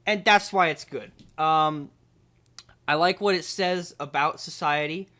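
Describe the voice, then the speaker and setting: This comedy host, cast as a cocky film ranker, speaks on the high side at a measured pace with a bright, forceful tone. He rambles and stumbles, bumbling through constant fillers and false starts.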